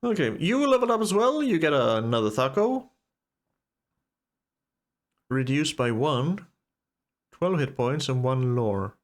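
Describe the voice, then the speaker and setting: A man's voice: medium pitch, big pitch swings, unhurried, long pauses. A man giving casual let's play commentary, chatty and thinking aloud while he plays. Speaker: gamer.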